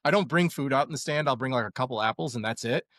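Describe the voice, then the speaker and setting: A young man, a podcast guest, telling a story in a loose, animated way with lots of fillers. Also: medium pitch, fast, no echo, studio quality. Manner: rambling, animated retelling with many fillers. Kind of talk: casual storytelling.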